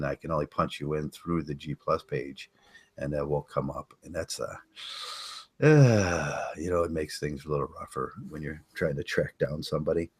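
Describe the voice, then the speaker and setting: An older man hosting a casual podcast, rambling and chatting with listeners, halting with many fillers and restarts. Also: extremely low pitch. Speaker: podcast host. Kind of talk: casual live-stream chat.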